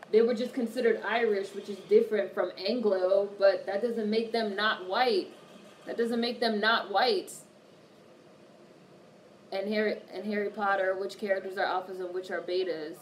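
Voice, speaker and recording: A woman hosting a casual livestream, reading viewer comments aloud and answering them with plenty of swearing. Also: mid-range voice. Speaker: livestream host. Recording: distant mic with faint background noise.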